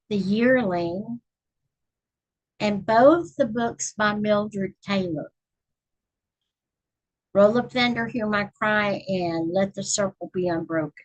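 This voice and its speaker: A woman's voice: medium pitch, poor audio. A middle-aged woman from Texas hosting a casual live stream, chatting with viewers and counting stitches aloud as she crochets. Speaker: channel host reading books.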